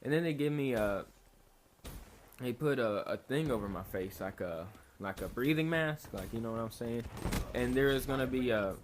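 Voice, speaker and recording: A man's voice: medium pitch, lively intonation, normal speed. A young man telling a story to his viewers in a rambling, profane, laid-back way. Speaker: vlogger. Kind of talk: casual storytelling to camera. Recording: noisy home recording.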